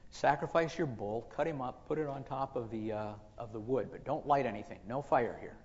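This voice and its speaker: A man's voice: mid-range voice, fairly quick, darkish tone, big-room sound, highs cut off, natural voice. A man voicing a bold, confident male prophet who talks plainly and teases, in a sermon retelling. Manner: plain-spoken, teasing.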